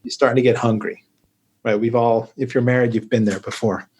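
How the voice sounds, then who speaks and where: A man's voice: mid-range voice, little pitch movement, a little fast, darkish tone, a little hiss or hum. A man, a medical guest on a podcast, explaining things at length and livening them up with jokey stories. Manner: explanatory, tells joking stories. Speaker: urologist guest. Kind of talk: podcast interview.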